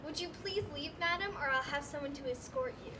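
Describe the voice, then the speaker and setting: A woman's voice: high voice, a little fast, recorded from a distance, noisy background, close to an everyday voice. A woman playing a weary, dryly polite bank clerk in a live stage play, recorded on a school stage. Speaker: stage actor.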